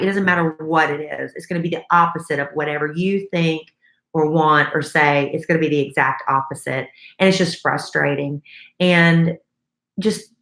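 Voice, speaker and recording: A woman's voice: sits low, fairly bright tone, reverberant. A woman in her forties co-hosting a casual podcast, stuffed up from a cold and venting frankly about her teenager. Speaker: podcast co-host. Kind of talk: casual chat.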